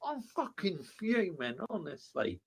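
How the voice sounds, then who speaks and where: A man rants about his football team in a high, strained voice that leaps up and down as he shouts. He swears constantly and sounds furious throughout the vlog. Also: very animated, a little slow, gravelly, breathy edge. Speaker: football fan vlogger. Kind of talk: angry fan rant to camera.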